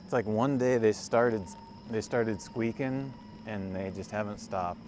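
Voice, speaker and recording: A livestreamer in his forties rides a cargo bike by a lake, chatting casually and rambling to viewers with self-amused humor. His fairly low voice moves a little slowly, and the outdoor ride leaves clear background noise.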